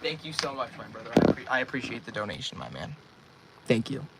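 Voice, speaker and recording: A man's voice: mid-range voice, big pitch swings, fast, vocal fry, very noisy. A nineteen-year-old man livestreaming from his bedroom, rambling casually and thanking viewers by name as he reads out chat.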